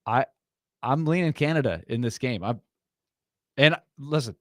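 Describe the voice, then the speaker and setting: Sports show guy, thinking out loud, dry sound. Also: mid-range voice, lively intonation, unhurried, no room sound. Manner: hesitant, analytical, restarts sentences. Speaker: sports talk co-host. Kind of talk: casual sports talk.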